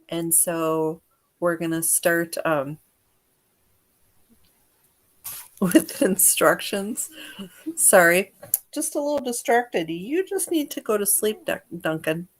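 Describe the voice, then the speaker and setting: Chatty American woman hosting a healing stream. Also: on the low side. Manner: chatty, greets viewers by name, gives gentle instructions. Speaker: energy healer hosting a livestream. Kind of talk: casual livestream chat.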